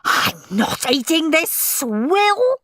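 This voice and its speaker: A woman voicing a bratty, demanding young boy who whines and shouts in a storybook reading. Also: a little high, very animated, slow, no room sound, clean studio sound, voice pushed up, exaggerated voice.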